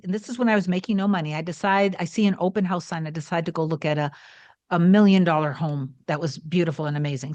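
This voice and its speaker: A woman's voice: medium pitch, dry recording. A woman coach earnestly telling a personal story in a rambling, heartfelt way. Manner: earnest, rambling with restarts and acted quotes. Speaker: manifestation coach.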